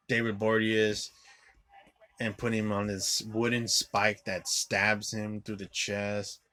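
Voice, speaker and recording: A man's voice: lowish voice, sharp tone. A man recapping a film in a profane, rambling rant, full of "like" and flaring into angry outbursts. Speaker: movie reviewer.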